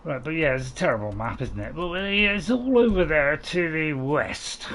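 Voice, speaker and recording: A man's voice: fairly high pitch, lively intonation, normal speed, fairly bright tone. A middle-aged man chatting casually with his live-stream viewers while he plays, rambling and joking with plenty of restarts. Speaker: gaming streamer.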